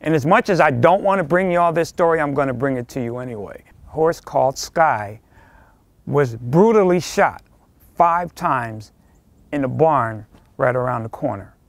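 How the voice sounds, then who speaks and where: A man's voice: mid-range voice, animated, normal speed, no room sound. A man reporting a local news story in an earnest, emphatic way.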